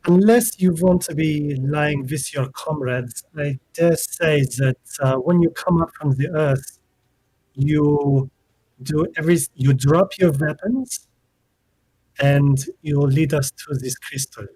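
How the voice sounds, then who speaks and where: A man's voice: fairly high pitch, slow pace, darkish tone, husky, dry recording. A man voicing a haughty wizard who speaks with formal, menacing politeness. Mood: threatening. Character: haughty, courteous male wizard.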